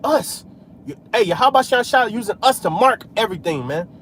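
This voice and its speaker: A man's voice: high voice, animated, a little fast, fairly bright tone, slight background noise. A man preaching in a casual street style, scattering "man" and "hey" through his talk while he drives. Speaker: religious vlogger.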